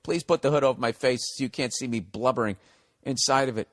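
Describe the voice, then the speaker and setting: A man's voice: medium pitch, fast, fairly bright tone, no echo. A man hosting a solo podcast, rambling through blunt, profane rants. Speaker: podcast host.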